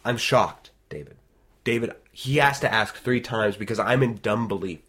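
A man telling a long personal story in casual chat, animated and rambling, with frequent restarts. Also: fairly low pitch, moderate pace.

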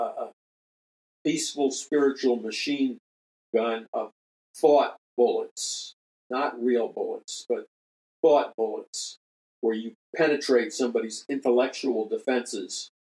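A man's voice: medium pitch, a little mellow, low-quality recording. An older man delivers a talk radio monologue as host of a religious show. His mid-range voice is emphatic, and he repeats key phrases to drive the point home and appeals earnestly to his listeners.

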